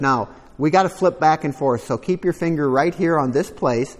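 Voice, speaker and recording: A man's voice: on the high side, moderate pace, few pauses, in a large hall. A man preaching a sermon, reading scripture aloud with rising emphasis and adding conversational asides to the congregation. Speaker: pastor.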